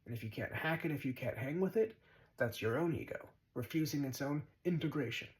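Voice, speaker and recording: A man's voice: on the high side, expressive, fairly quick, poor audio. A man giving a spiritual monologue as a teacher, blunt and profane, mocking his listeners and repeating short commands.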